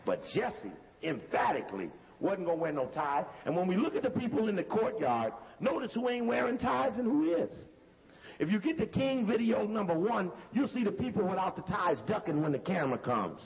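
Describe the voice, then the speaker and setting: A man's voice: high voice, very animated, a little fast, gravelly. Man, emphatic lecturer, commentary over footage, repeats himself, echoing hall, dull lo-fi sound. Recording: dull recording from a hall with faint hiss.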